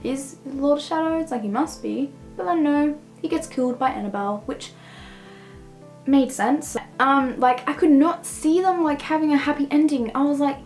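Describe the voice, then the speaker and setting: A woman's voice: high-pitched, normal speed, a little mellow, faint music behind, low-quality recording. Rambling young woman reviewing a book. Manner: rambling, heavy use of "like". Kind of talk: casual book review rant.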